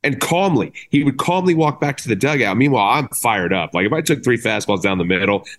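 A middle-aged man as a podcast guest, talking excitably and laughing at himself as he rambles. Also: mid-range voice, a little fast. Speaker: guest, former player. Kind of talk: casual interview talk.

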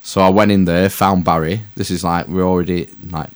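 Speaking a little fast, this podcast co-host has a low-pitched voice with fairly even intonation. His casual story wanders, is full of swearing, and is laced with self-mockery.

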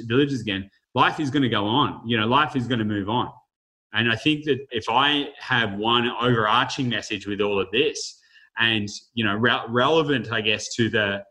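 A man's voice: lowish voice, pushed and bright, low-quality recording. A man hosting an online panel, talking in a rambling, reflective way with many fillers. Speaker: host of an online panel discussion. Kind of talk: casual panel chat.

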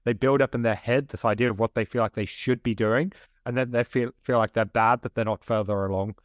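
A man's voice: medium pitch, fairly even intonation, fairly quick, no room sound. A man who is a guest author and coach, speaking earnestly and motivationally in a podcast interview with many "like"s.

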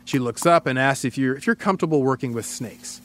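A man's voice: mid-range voice, animated, quick pace. A man hosting a podcast, telling a story in a playful, comic way and laughing often. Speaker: podcast host. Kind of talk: casual comedic storytelling.

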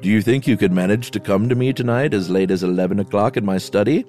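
A man voicing a formal, secretive older gentleman who speaks deliberately, while reading a story aloud. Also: lowish voice, faint music behind, natural voice.

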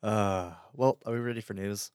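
A man's voice: lowish voice, fairly even intonation, moderate pace, darkish tone, smooth, no echo, studio quality. A young man hosting a gaming podcast, chatting casually with lots of fillers and easy laughter. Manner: laughs easily, reads news with fillers. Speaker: podcast host. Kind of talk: casual chat.

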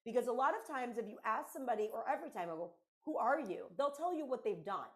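A middle-aged woman with a somewhat high voice talks in a casual podcast conversation. She speaks as a mentor, emphatic and direct, and often says a key phrase twice for weight. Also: expressive, racing.

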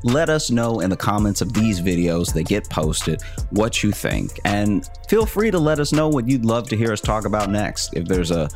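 Man podcast co-host, low voice, halting comic arguing, faint music behind. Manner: measured, halting, lots of restarts. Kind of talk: casual comedic debate.

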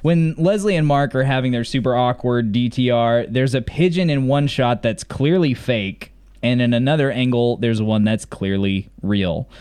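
A man's voice: mid-range voice, moderate pace, a little mellow, clear, resonant tone. A man co-hosting a podcast in casual recap chat, with dry, wry complaints. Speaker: podcast co-host.

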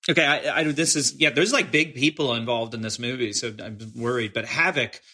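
Rambling man, bright and eager. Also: medium pitch, brisk, slightly rough. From Los Angeles. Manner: rambling, hesitant, many restarts and fillers. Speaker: guest, film director. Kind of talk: casual interview chat.

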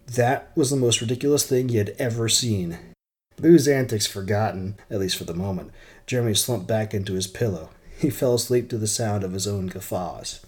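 Low-voiced man reading a story aloud. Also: moderate pace. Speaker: audiobook narrator.

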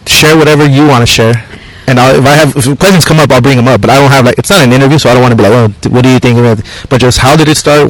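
A man's voice: medium pitch, no room sound, rough recording. Man, podcast host, blunt, casual, filler-heavy chat. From Mexican-American. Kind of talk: casual conversation.

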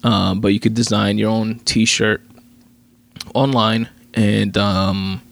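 A young man with a low, gravelly voice talks through a solo podcast episode in a loose, rambling way. He swears freely and circles back on himself with plenty of ums and restarts. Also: steady tone, takes it slowly. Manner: profane, rambling, many fillers and restarts. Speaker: podcast host. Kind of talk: casual solo podcast rant.

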